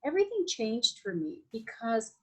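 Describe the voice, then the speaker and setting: A woman with a Latin American Spanish accent speaks in a husky, fairly high voice. She talks as a podcast guest, reflective and flowing, often restarting and circling back with fillers. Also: sing-song, normal speed, a little mellow, low-quality recording. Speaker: guest, Vedic astrologer. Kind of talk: conversational podcast interview.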